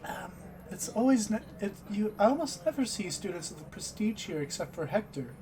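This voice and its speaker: A man's voice: high voice, very animated, brisk, a little hiss or hum, voice pushed up. A man voicing a shy stammering drow woman. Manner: hesitant, stammering, soft.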